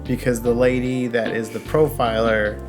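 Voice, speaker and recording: A woman's voice: rumbling low, level tone, normal speed, music in the background. A woman co-hosting a casual movie chat, talking in a rambling way with frequent laughs. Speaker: co-host reviewing a film.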